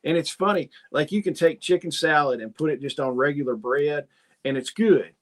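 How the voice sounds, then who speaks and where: A man's voice: on the high side, normal speed. A man hosting a casual livestream, reading viewer comments and telling rambling stories in which he acts out both sides of a conversation. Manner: folksy, rambling storyteller who acts out dialogue. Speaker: host.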